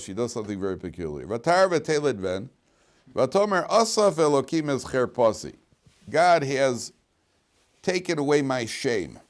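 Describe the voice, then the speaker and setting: A man teaching a class as a rabbi, telling stories with jokes and many repeated words. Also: mid-range voice. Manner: animated, joking storyteller who repeats words. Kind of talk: lively classroom storytelling.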